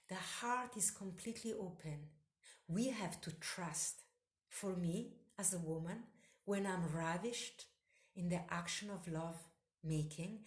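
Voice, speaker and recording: A woman hosting a solo podcast, delivering a slow spiritual monologue with incantatory, repetitive phrasing. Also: medium pitch, echoey room.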